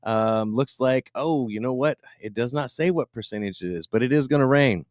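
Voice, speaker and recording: A man's voice: medium pitch, normal speed, a little mellow, dry recording, studio quality. A man co-hosting a podcast, chatting loosely and reading the weather with lots of fillers and swearing. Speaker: podcast co-host. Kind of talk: casual podcast banter.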